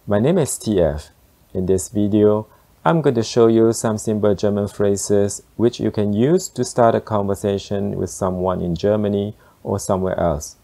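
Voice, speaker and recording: A man teaching beginner German phrases, explaining slowly and deliberately. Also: lowish voice, creaky, dark tone. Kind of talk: beginner language lesson.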